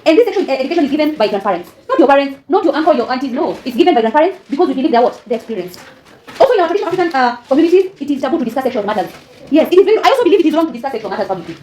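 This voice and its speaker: A woman's voice: sits high, big pitch swings, racing, mellow, a little hiss or hum. A woman teaching a classroom lesson, often quizzing students with fill-in questions and laughing. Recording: echoey classroom with student chatter.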